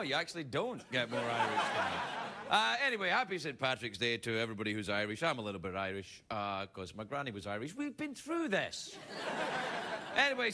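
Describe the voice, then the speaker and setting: A man's voice: medium pitch, slight background noise. A middle-aged man, hosting a late-night talk show and joking through a comic monologue. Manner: animated, joking, laughing at own jokes. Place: TV studio with live audience.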